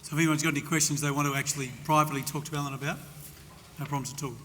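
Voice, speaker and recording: A man hosting an event who quickly wraps up and thanks the speaker in an upbeat way. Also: on the high side, fairly even intonation, a bit bright, slight background noise. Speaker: event host. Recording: distant voice in a reverberant hall.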